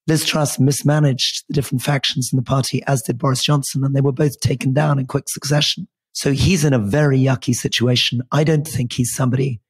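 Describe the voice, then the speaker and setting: A man in his fifties co-hosting a political podcast, measured and wry, his voice worn and strained. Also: mid-range voice, fairly even intonation, breathy edge, dry recording. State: losing his voice. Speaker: podcast co-host.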